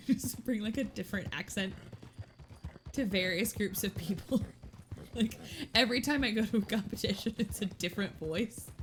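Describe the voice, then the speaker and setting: A woman's voice: mid-range voice, noisy background. A woman in her thirties chatting casually to her stream while she plays a roleplay game, self-mocking, laughing often and swearing freely. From Texas. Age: 30s. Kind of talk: casual chat.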